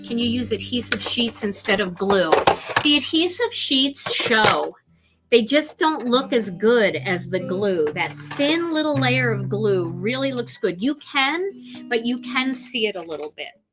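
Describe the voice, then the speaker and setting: A woman's voice: a little high, animated, measured pace, music in the background. A woman hosting a live card-making demonstration, chatty and gushing with enthusiasm as she works.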